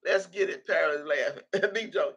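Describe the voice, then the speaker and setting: A woman's voice: lowish voice, moderate pace, fairly bright tone, husky, muffled recording. A woman hosting a casual livestream and reading viewers' comments aloud, brash and profane, often laughing. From Texas. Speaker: livestream host.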